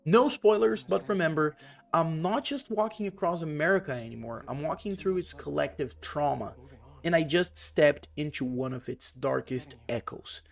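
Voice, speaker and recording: A man giving casual, excitable reaction commentary on a video game, swearing often and reading his own notes aloud. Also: fairly high pitch, normal speed, creaky, soft background music. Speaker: gaming vlogger.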